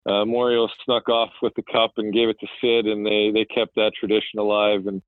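Speaking a little fast in a voice on the low side, a thirtysomething hockey player from Manitoba, Canada, chats as a guest in a casual phone interview. He rambles in a relaxed way with many fillers and restarts, over a dry, tinny phone line with no room sound.

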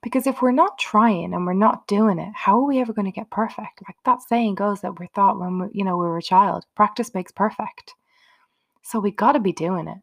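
A woman's voice: mid-range voice, brisk, creaky. A woman hosting her own motivational podcast, talking unscripted and earnestly, chatting straight to her listeners. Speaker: podcast host.

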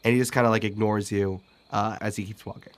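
A man narrating a tabletop game as game master, relaxed and hesitant with many fillers. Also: lowish voice, fast, clear, resonant tone.

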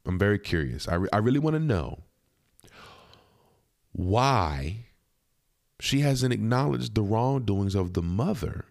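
A man with a low voice talks into a close mic in a dry, dead room. His commentary is blunt and indignant, full of cursing and repetition. His pitch swings widely as he presses his point. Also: sing-song, unhurried, creaky, pauses often, darkish tone, no echo. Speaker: podcast host. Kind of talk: commentary on a video clip.

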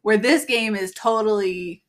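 A woman's voice: medium pitch, unhurried. A woman co-hosting a casual chat, hesitant and full of fillers, often searching for words. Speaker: podcast co-host.

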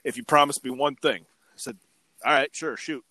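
A man's voice: medium pitch, normal speed, no echo. Man telling a story in a dry room. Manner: animated, acts out quotes. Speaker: podcast co-host. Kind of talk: casual storytelling chat.

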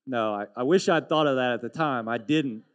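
A man preaching a sermon as pastor, telling a story with animated, earnest delivery and building to a call to renewal. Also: mid-range voice, fairly quick.

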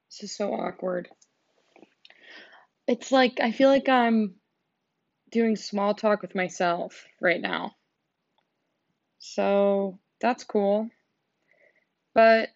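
A woman's voice: mid-range voice, lo-fi sound. A young woman hosting her solo podcast from her couch at home, rambling casually and joking at her own expense. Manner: rambling, self-deprecating, lots of "like" and "um". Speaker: podcast host.

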